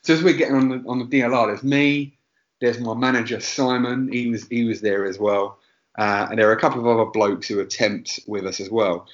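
A man's voice: medium pitch, fairly even intonation, brisk, muffled recording. Sweary man telling a rambling story. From England, Essex. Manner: rambling, sweary, self-interrupting. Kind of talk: casual comedic storytelling.

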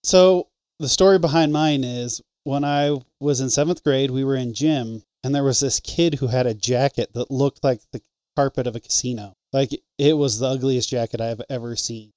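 Smooth-voiced man swapping stories. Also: mid-range voice, a little mellow, no echo. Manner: swearing, joking, quotes people in his stories. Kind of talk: casual storytelling chat.

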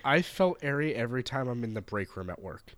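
A man's voice: mid-range voice, expressive, fast, fairly bright tone, dry recording. Wry man in casual chat. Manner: wry, sarcastic asides. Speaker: podcast co-host.

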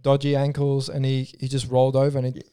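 Mellow-voiced man talking fight sports. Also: mid-range voice, completely flat delivery, fast talker, clear, resonant tone. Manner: thinks aloud with restarts, explains technique. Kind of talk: casual sports chat.

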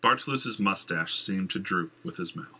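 Narrator: a man reading a story aloud, dry delivery, husky and bright. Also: deep voice, moderate pace. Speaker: audiobook narrator. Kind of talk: scripted narration.

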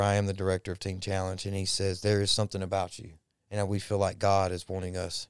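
A man recounts his testimony in a low, gravelly voice. He talks in a folksy way and repeats himself when moved. The sound is close and dry. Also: dry recording. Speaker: podcast guest. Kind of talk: personal testimony storytelling.

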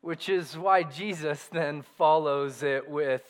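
Pastor, male, lively conversational sermon, light high voice, church-hall reverb. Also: slow pace, hardly any pauses. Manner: animated, conversational preaching with emphatic repetition.

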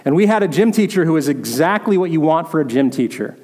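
A man's voice: a little high, expressive, fast talker, darkish tone, long reverb tail. A man preaching a sermon as pastor, telling stories and acting out the voices of the people in them. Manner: storytelling, acts out quoted voices.

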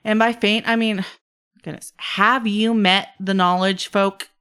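A woman voicing a mischievous male trickster spirit who talks in a playful, drawn-out, chatty way. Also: medium pitch, steady tone, a bit bright, clean tone, voice pushed up. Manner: teasing, drawn-out, chatty with trailing fillers.

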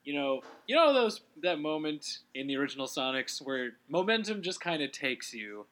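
A man hosting a relaxed gaming commentary, rambling and correcting himself as he talks, with quick laughs. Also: fairly high pitch. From Canada. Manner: rambling, self-correcting, giggly. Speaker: let's play host.

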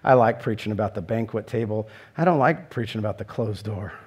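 A man's voice: on the low side, fairly quick, a little mellow, husky. A middle-aged man preaching a sermon in an earnest way, rising into emphatic questions. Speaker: pastor.

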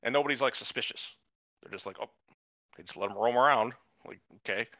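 Profane ranting man, bright dry voice. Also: mid-range voice, brisk, no echo. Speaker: podcast host. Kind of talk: casual chat. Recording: dull lo-fi recording.

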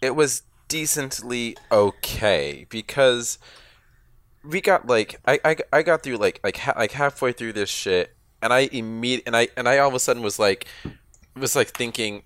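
A man's voice: medium pitch, expressive, a bit bright, no echo. A man on a film podcast panel, talking casually with lots of stammers and restarts. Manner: halting, stammers and restarts, laughs. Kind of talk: casual film review chat.

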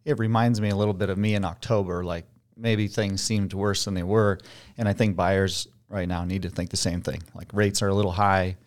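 A man's voice: deep voice, steady tone, a little fast. A man who works as a real estate agent, speaking candidly and with animation about his work in a casual conversation. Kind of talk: casual interview chat.

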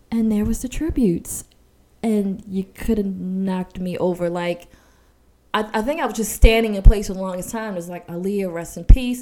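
A woman in her forties with a mellow, warm-toned voice tells a personal memory in relaxed conversation. She is animated, acting out what people said in lively quoted voices. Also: medium pitch. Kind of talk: casual chat, personal story.

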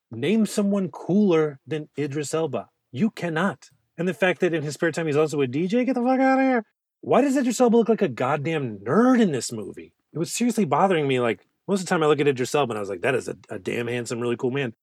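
A man co-hosting a podcast, riffing on a film in animated, jokey chat with a bit of swearing. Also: a little high, dry recording, clean studio sound. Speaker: podcast co-host. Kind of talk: casual movie-review chat.

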